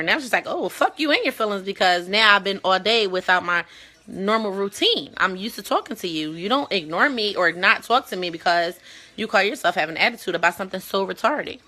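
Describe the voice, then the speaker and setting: A woman co-hosting a talk show, chatting casually in a blunt, profane and animated way. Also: medium pitch. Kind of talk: casual chat.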